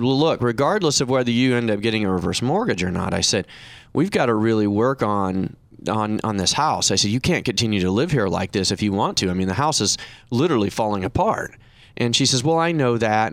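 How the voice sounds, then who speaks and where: A middle-aged man hosting a talk show, telling a story in a casual, animated way, his voice rising when he quotes other people. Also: dry recording. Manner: animated anecdote, raising pitch when quoting others. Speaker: radio show host and reverse mortgage professional.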